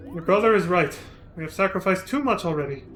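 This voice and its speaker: A man's voice: sits high, expressive, brisk, a bit bright, soft background music. Man reading as a stern grieving father. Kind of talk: reading game dialogue aloud.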